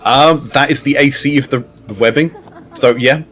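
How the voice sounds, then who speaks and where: A man's voice: medium pitch, normal speed, a bit bright. A man running a tabletop game as game master, describing scenes in an easygoing way and asking the players what they do.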